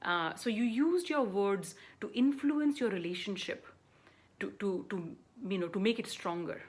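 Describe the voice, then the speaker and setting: A woman's voice: medium pitch, animated, unhurried. A woman life coach giving an earnest motivational talk, often checking in with "right?" and "you know", sometimes restarting mid-phrase.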